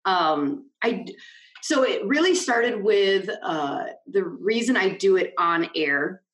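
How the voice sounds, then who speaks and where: A woman's voice: medium pitch, lively intonation, slow, fairly bright tone, reverberant, low-quality recording. A woman hosting a podcast in casual chat, bubbly and self-mocking, full of fillers. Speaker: podcast host.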